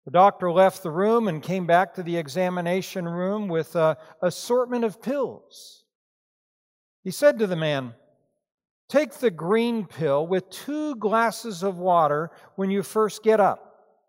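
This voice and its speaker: A man's voice: high voice, takes it slowly. A man preaching a sermon, reading scripture and then telling a joke and talking to his congregation. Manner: storytelling, joking with the congregation. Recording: reverberant hall sound.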